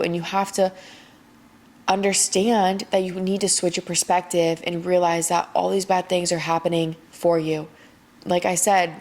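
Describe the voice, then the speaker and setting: A woman's voice: on the low side, gravelly, darkish tone. A young woman hosting her own podcast, chatting casually and encouragingly about faith, tired late at night and leaning on "like" a lot. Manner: faith-driven motivational talk, heavy use of "like". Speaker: podcast host. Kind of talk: casual solo podcast chat.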